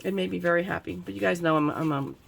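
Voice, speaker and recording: A woman crafting vlogger chatting excitedly to viewers about the mail she got, bubbly and gushing. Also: fairly low pitch, fast talker, vocal fry, a little hiss or hum. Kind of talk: excited casual happy-mail chat.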